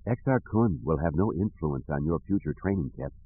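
A calm, stern Jedi master speaks slowly and solemnly in a deep, husky voice, read by a man narrating an audiobook. The audio is narrow and phone-like. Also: exaggerated voice. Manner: measured, solemn and quiet. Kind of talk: audiobook character reading.

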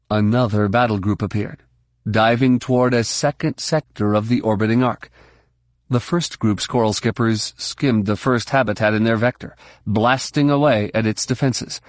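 A man narrating an audiobook in a brisk, steady storytelling manner. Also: on the low side, no echo, studio quality. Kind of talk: scripted narration.

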